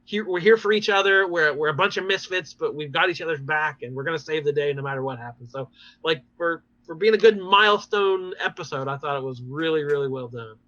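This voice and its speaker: A man hosting a podcast, recapping TV episodes in an animated, rambling way with many fillers. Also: on the high side, brisk, dry recording, highs cut off. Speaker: podcast host. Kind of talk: casual chat recapping TV episodes.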